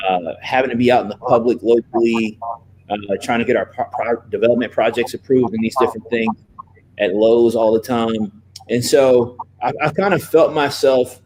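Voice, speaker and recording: Man, podcast guest, casual storyteller, says "man" a lot, middle pitch, faint background noise. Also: darkish tone. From Virginia. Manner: casual, drops "man" and "you know" often. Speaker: podcast guest, real estate investor.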